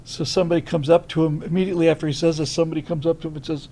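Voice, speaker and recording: A man's voice: fairly high pitch, level tone, very fast, hardly any pauses, mellow, poor audio. A man hosting a livestream, chatting casually and telling rambling anecdotes. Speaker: host.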